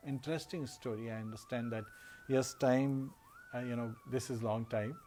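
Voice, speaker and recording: A man giving a devotional discourse, telling a story in a relaxed way with frequent "uh" and "you know" fillers. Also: mid-range voice, slight background noise. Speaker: devotional speaker. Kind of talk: storytelling sermon.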